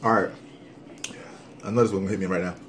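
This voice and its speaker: A man doing a casual hot sauce challenge vlog at home, animated and joking while his mouth burns from the sauce. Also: deep voice, fast talker, a little hiss or hum. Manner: animated, joking, breaks into whoops and coughs. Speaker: vlogger.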